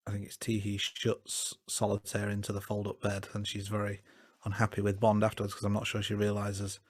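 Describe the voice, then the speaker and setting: A man with a lowish voice talks through a film review in a relaxed, casual way. He pauses often and restarts sentences. The sound is dry and close, with no room echo. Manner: relaxed, hesitant, with fillers and restarts. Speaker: podcast co-host.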